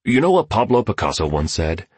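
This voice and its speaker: A man's voice: lowish voice, big pitch swings, fairly quick, darkish tone, breathy edge, dry recording, exaggerated voice. A man voicing a thoughtful, insecure male artist who speaks in a subdued, hesitant way.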